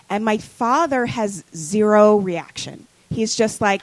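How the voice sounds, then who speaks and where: A woman's voice: medium pitch, a little slow, few pauses, no echo, rough recording. A woman telling a personal story on a comedy podcast, hesitant and full of ums and likes. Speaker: guest. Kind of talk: casual storytelling.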